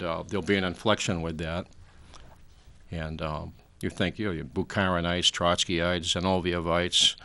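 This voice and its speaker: Older guy in his 60s, really deep voice, rambling lecture on a talk show, lots of uhs. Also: creaky, bright, forceful tone. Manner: frequent fillers, trailing off. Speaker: guest.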